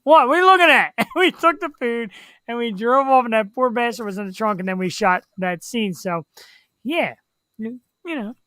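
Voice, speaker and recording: Telling stories in a casual talk-show chat, this male host animatedly performs tough-guy voices. His voice is very high, his speed normal, and the recording lacks any room sound.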